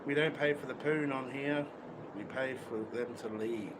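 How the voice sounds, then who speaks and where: A man's voice: medium pitch, moderate pace. Crude, swearing Australian man outdoors. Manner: crude, blunt, swears constantly. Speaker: livestream host. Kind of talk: casual unfiltered livestream chat. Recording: outdoor street noise with traffic.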